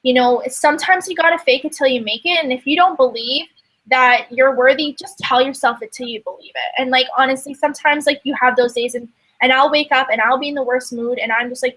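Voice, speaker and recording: A young woman with a high, bright voice gives a casual motivational talk to her team. She speaks emphatically and acts out her own inner voice in quoted asides. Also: a little fast, poor audio. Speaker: network marketing coach.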